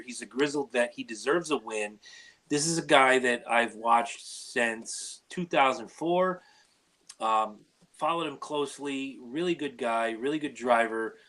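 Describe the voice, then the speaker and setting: A man's voice: mid-range voice, fairly bright tone. A man co-hosting a casual motorsport podcast, talking in a chatty, opinionated way. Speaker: podcast co-host. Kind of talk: casual sports podcast chat.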